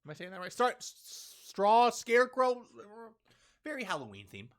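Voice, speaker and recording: A man hosting a casual manga chapter review, excitable and chatty, tagging on "right?" and "man" as he talks. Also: sits high, normal speed. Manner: excitable, keeps asking "right?" and saying "man".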